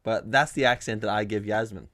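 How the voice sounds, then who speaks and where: A man's voice: on the low side, steady tone, a little fast, a bit bright, dry recording, clean studio sound. A man co-hosting a podcast in casual banter, sweary and laughing often. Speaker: podcast co-host.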